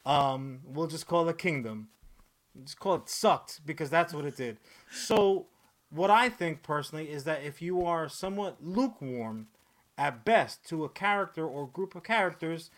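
A man co-hosting a podcast, rambling and swearing freely, cracking jokes in quick bursts. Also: a little high, animated, a bit bright. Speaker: podcast co-host. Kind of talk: casual podcast chat.

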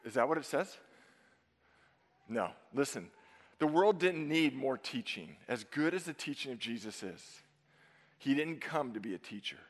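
A man preaching a sermon to his congregation, emphatic and dynamic, swinging from loud stresses down to hushed asides. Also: medium pitch, animated, normal speed, long pauses. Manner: emphatic, dynamic preaching with sudden drops to near-whisper. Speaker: pastor. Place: church sanctuary. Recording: long reverb of a church sanctuary.

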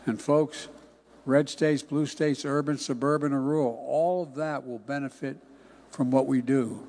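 An older man giving a political speech in a folksy, emphatic way, often dropping into hushed asides. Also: mid-range voice, steady tone, measured pace, a little hiss or hum. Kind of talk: political campaign-style speech.

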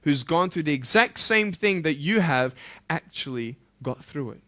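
A man giving a motivational speech to a school audience, impassioned, firing rhetorical questions and swinging between loud urging and hushed intensity. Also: a little high, lively intonation, moderate pace. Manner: direct rhetorical questions to listeners. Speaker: motivational speaker.

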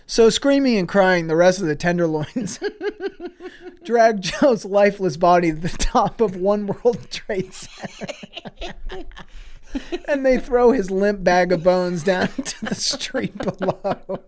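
A man's voice: high-pitched, slow, a little mellow. A man co-hosting a comedy podcast, telling an absurd crude story while laughing through it. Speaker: podcast co-host. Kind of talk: improvised comic storytelling.

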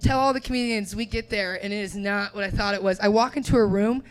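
A woman's voice: mid-range voice, quick pace, smooth. A young woman from Indiana doing crude, laughing stand-up, riffing with the audience on a club stage. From Indiana, USA. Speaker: stand-up comedian. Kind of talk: crowd-work stand-up. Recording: live club with crowd laughter.

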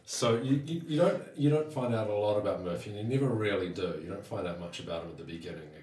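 A man co-hosting a podcast, talking through a film plot in a halting way with many restarts. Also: lowish voice, a little mellow. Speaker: podcast co-host. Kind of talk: casual film review chat. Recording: roomy, distant mic.

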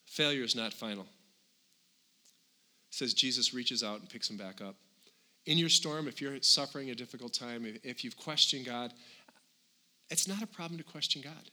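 An older man preaching a sermon as pastor, animated and swinging between loud and quiet. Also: mid-range voice.

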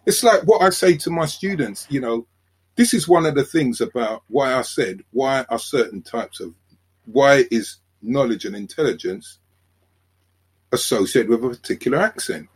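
Older south london guy, husky voice, chatty podcast guest acting out the people he quotes. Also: mid-range voice, normal speed. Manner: animated storyteller, acts out quoted dialogue. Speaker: guest sociologist. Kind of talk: conversational podcast interview.

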